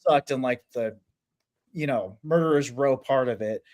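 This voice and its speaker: A man guesting on a sports podcast, talking casually and thinking out loud with many fillers. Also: mid-range voice, normal speed.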